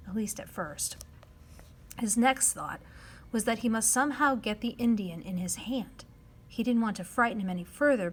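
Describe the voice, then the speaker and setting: A woman narrating a children's novel in a measured storytelling voice, dropping to a hush at times. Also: mid-range voice. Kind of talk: reading a children's novel aloud.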